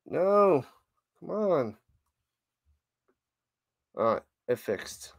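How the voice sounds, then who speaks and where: A high-voiced man streams live tennis play-by-play, calling shots and humming tunes between points. He talks slowly and unhurriedly. The sound is dry, with no room around it. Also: dry recording. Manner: excitable, hums and chants between points. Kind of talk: casual live play-by-play commentary.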